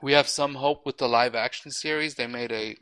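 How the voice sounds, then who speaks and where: Male podcast host, crisp bright tone, opinionated rambling chat with frequent restarts. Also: mid-range voice, fairly even intonation, a little fast, rough recording. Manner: swears casually. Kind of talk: casual chat.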